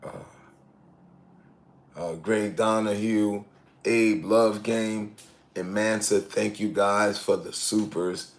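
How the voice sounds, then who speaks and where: A man's voice: lowish voice, fairly even intonation, slow, pauses often. A man in his sixties casually chatting on a live stream, reading viewer comments aloud and laughing often. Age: 60s. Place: outdoors in hot weather in Thailand.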